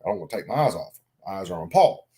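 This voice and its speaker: This vlogger, a middle-aged man, has a fairly low, warm voice with a sing-song lilt, and he talks in rapid-fire bursts. He rambles through a story on his casual vlog, cursing liberally, mocking himself and laughing often.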